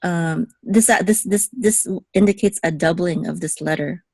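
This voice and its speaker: Low-voiced woman teaching Hebrew patiently. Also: normal speed, vocal fry, a little mellow, breathy edge, no echo. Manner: patient, checks in with okay. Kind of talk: one-on-one language lesson.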